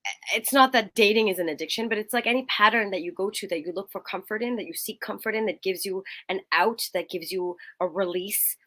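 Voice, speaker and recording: A young woman co-hosting a casual chat tells a personal story in an animated way, speaking a little fast. When she quotes people, she acts them out in a higher voice.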